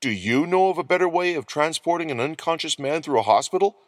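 Man doing an unfazed deadpan schemer in a storybook, voice pushed up, very dry sound. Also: high-pitched, moderate pace, no room sound, pitched above the performer's own voice, exaggerated voice. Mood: offhand. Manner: matter-of-fact and deadpan. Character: blunt, offbeat young man, unfazed schemer.

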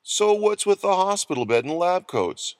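A man's voice: sits high, big pitch swings, normal speed, no room sound, pitched above the performer's own voice. Man doing a curt, suspicious doctor in a storybook, raised voice, dry close sound. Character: abrupt, skeptical male hospital doctor.

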